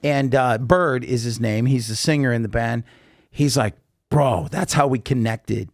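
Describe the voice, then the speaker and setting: A man, a podcast guest, telling a story in casual chat and acting out the quotes with lively voices. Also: medium pitch, a little slow, dry recording, studio quality.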